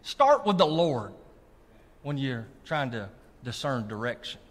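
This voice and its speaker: A man's voice: mid-range voice, big pitch swings, unhurried. A male pastor preaching a sermon, calling out to his congregation to check they are listening. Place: church sanctuary. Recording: long reverb of a large hall.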